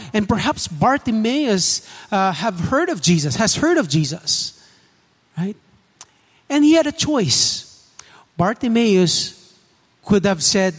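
A man preaches a sermon in a high, earnest voice, often turning to the listeners with questions. Long reverb from the hall trails after his words. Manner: earnest, asks the congregation questions.

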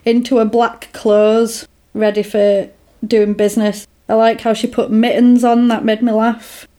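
A woman's voice: a little high, a little slow. Woman animatedly retelling a film. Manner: animated retelling with quoted voices and laughs. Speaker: podcast co-host recapping a film. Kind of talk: casual chat.

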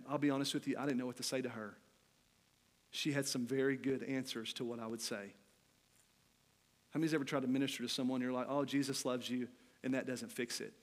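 Middle-aged male preacher, mid-range voice, frank storyteller moving between loud and hushed, big echoing church hall. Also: mid-range voice. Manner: candid storytelling, swinging from loud and animated to quiet and hushed. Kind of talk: sermon. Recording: long hall reverb.

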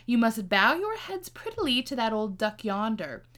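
A woman voicing a fussy, proud mother duck in a storybook reading, with slow, exaggerated delivery. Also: a little high, very animated, a bit bright. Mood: instructive.

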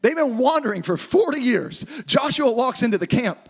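Man, pastor, energetic sermon, high voice, shouted emphasis. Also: normal speed, creaky, breathy edge. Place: church auditorium with live audience.

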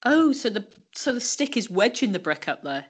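Woman, co-host, crude wisecracks, high voice, lively swooping pitch. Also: normal speed, slightly rough. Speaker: podcast co-host. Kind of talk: casual comedic chat.

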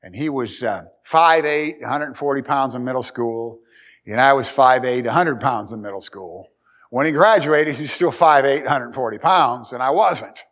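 A middle-aged man preaching a sermon, folksy and storytelling, swinging between loud and quiet. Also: medium pitch, moderate pace. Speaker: pastor.

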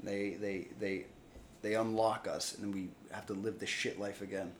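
A young man co-hosting a podcast, loud and crude in casual banter, in an echoey room. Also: fairly low pitch, fairly even intonation, normal speed, slight background noise. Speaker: podcast co-host.

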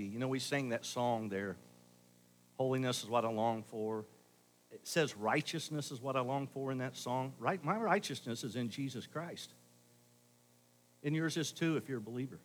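A middle-aged pastor preaching a sermon, talking to the congregation in a conversational way, swinging between loud emphasis and quiet asides. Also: male voice, medium pitch, normal speed, long pauses, a little hiss or hum.

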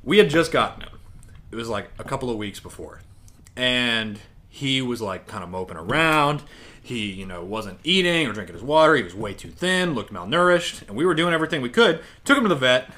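A young man in his twenties co-hosting a casual podcast, telling animated stories and swearing casually. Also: mid-range voice, fairly quick. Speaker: podcast co-host. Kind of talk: casual chat.

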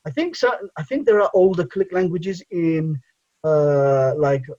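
Here the guest is an engineering professor and charity founder from England whose first language is Bengali, talking casually in an interview and rambling with frequent "you know" and other fillers. He sounds mellow and unhurried, with a voice on the high side, and the audio lacks its upper frequencies.

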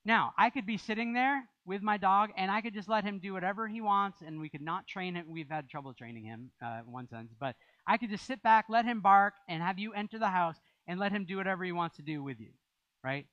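A man's voice: high-pitched, fairly quick, pushed and bright, no echo, highs cut off. A man preaching a sermon as pastor, in a conversational style with rising emphasis.

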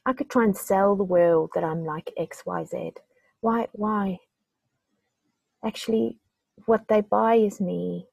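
A woman's voice: mid-range voice, fairly even intonation, slow pace, creaky, pauses often, darkish tone, husky, no room sound. A middle-aged woman hosting a podcast interview, speaking in an emotional, openly moved way. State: tearing up. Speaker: podcast host. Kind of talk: heartfelt conversational interview.

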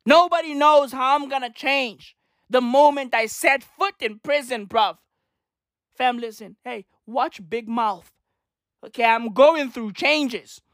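A man's voice: extremely high pitch, slow pace, a bit bright, dry recording, clean studio sound. A man doing a profane comic rant, rambling and repetitive, mock-swaggering and constantly calling the listener bruv. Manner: rambling, repetitive, keeps saying bruv and right; swears heavily, mock-swaggering.

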